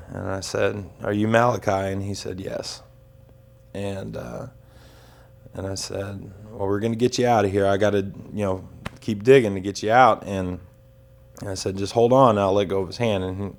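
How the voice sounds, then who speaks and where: A man with a low, even voice tells his story in documentary testimony. He speaks haltingly, often restarting his sentences. His pitch stays flat, rising only when he quotes what was shouted. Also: gravelly. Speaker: tornado survivor and rescuer.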